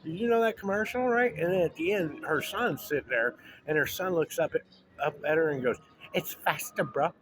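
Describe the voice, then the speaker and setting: A man's voice: a little high, fairly quick. Rambling joking man over background noise. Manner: rambling, joking, frequent restarts and asides. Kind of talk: casual comedic monologue.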